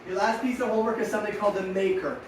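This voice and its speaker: Middle-aged male coach, high-pitched, energetic motivational talk, recorded far off in a reverberant hall. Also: racing, a little hiss or hum. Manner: energetic, rhetorical questions to the audience. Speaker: sports mental coach. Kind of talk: motivational talk to young riders. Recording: echoey room, mic at a distance.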